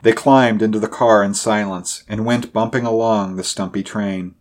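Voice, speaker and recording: Low-voiced male storyteller. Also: fairly even intonation, moderate pace. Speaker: audiobook narrator. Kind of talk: scripted narration.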